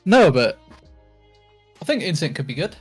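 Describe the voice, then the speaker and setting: A man's voice: on the high side, big pitch swings, moderate pace, faint music behind. A man co-hosting a live-streamed gaming podcast, rambling through casual banter, laughing and swearing now and then. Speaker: podcast co-host.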